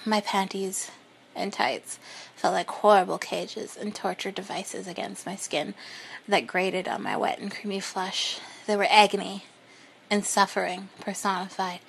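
A woman reading a first-person story in a soft, breathy, unhurried whisper. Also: medium pitch, a little hiss or hum. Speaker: narrator.

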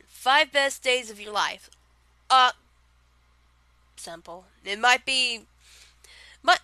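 A young Southern woman drawls her way through a casual vlog chat, slow and unhurried. Her voice is bright and smooth, broken up by giggles and filler words. The sound is dry and close. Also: medium pitch, no room sound. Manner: giggly, rambling, many fillers. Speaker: vlogger answering question tag.

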